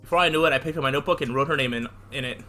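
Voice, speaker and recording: A man's voice: medium pitch, racing, sharp tone, faint music behind. A man reading a visual novel aloud in a casual way, with fillers and side comments. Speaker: channel host reading aloud.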